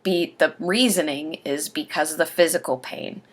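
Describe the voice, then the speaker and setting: A woman talking earnestly about getting used to dentures, pausing between phrases as she gives advice. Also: low-pitched, steady tone. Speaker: host sharing denture aftercare advice. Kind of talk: casual instructional talk.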